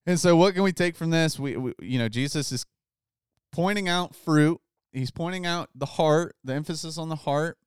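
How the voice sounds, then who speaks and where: A man hosting a podcast, talking through a Bible passage in a relaxed, casual way, often saying "like" and reading scripture aloud. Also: fairly high pitch, normal speed, smooth, dry recording, clean studio sound. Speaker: podcast host. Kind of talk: casual Bible study chat.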